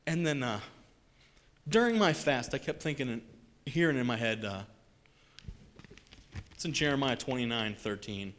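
A man giving an unscripted personal faith testimony, earnest and halting, with many restarts, repeated words and soft self-deprecating laughs. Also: mid-range voice, animated. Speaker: lay speaker sharing a faith testimony.

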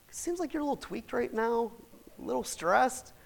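Animated high-voiced male preacher. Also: moderate pace, creaky. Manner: animated, swings from shouting to soft asides, acts out quotes; folksy, chatty, laughs often. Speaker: pastor. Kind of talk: sermon.

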